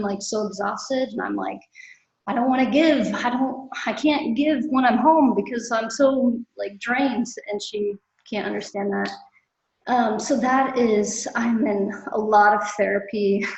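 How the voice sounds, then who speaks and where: A woman's voice: medium pitch, vocal fry. A woman in her twenties sharing openly with a support group, rambling and emotional. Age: 20s. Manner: rambling, emotional, self-deprecating. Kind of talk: candid personal sharing. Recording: roomy echo.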